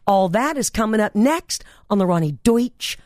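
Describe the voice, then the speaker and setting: A woman's voice: mid-range voice, lively intonation, moderate pace, a little mellow, dry recording, studio quality. A woman hosting a radio talk show, telling stories in a chatty, enthusiastic way. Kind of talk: casual radio monologue.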